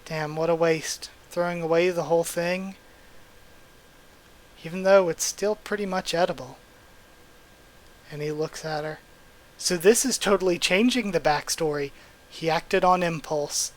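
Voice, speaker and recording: Excitable man reading a manga aloud. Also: fairly high pitch, unhurried, pauses often, low-quality recording. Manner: excitable, swearing, bursts of astonishment. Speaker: manga readthrough host.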